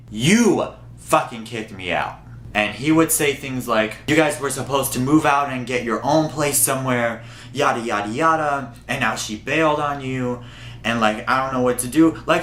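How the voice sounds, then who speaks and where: A young man telling a storytime vlog in a blunt, sassy, profane way, with big jumps in pitch. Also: fairly bright tone, reverberant, slight background noise. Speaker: vlogger.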